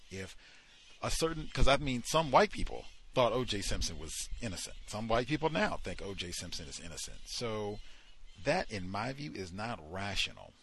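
A man's voice: lowish voice, fairly bright tone, breathy edge. A man hosting a study session, reading passages aloud from a book and breaking off into heated commentary, with frequent fillers while he searches the text.

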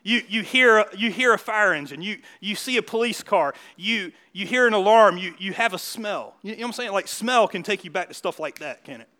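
A man preaching a sermon in a church. He talks in a chatty way, keeps asking the crowd questions, and swings from loud bursts to quiet asides. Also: high voice, lively intonation, a little fast, few pauses. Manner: conversational preaching with frequent rhetorical questions. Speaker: pastor.

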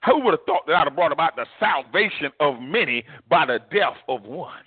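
A male pastor preaching a sermon in an animated, repetitive, vernacular way. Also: on the high side, brisk, slightly rough, no echo. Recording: tinny phone-like dry recording.

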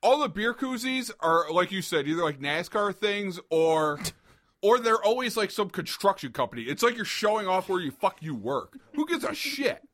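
Podcast host guy, high bright voice, swears a lot and laughs, all over the place pitch-wise. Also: very animated, normal speed. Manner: profane, ranting, laughs often. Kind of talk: casual podcast banter.

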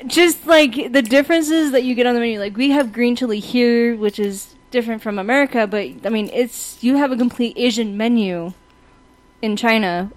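A woman with a fairly high voice chats casually on a podcast. She talks on and on, padding her sentences with filler words. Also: normal speed. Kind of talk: casual chat.

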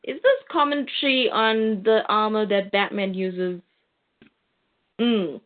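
A woman's voice: medium pitch, slow. A woman casually recapping a comic book, chatty and hesitant with many fillers. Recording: tinny phone-like sound.

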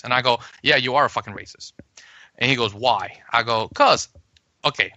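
A man co-hosting a podcast in casual chat, animated and swearing, acting out arguments he has had. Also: medium pitch, moderate pace, pauses often, no echo, lo-fi sound. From Puerto Rico. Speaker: podcast co-host.

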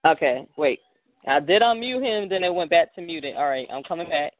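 A man's voice: fairly high pitch, animated, a little fast, dry recording. A man hosting an online show, talking himself through fumbling with the mute controls on a tablet. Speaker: host. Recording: tinny phone-like call audio, dry.

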